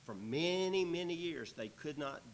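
A man's voice: a little high, expressive, normal speed, slight background noise, rough recording. A man teaching a Bible passage verse by verse, reading the text aloud and breaking in with folksy, joking asides.

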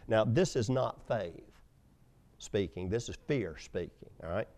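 A man preaches a sermon in a lively, storytelling way. His voice is dark and mellow, rising for emphasis and dropping to hushed asides. Pitch moves a lot from line to line. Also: normal speed. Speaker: pastor.

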